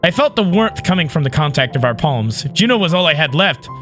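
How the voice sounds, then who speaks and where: Man, gamer, visual novel read-aloud, excitable, bright, very animated. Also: fairly high pitch, fairly quick, soft background music. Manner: excitable, shrieks and yells reactions.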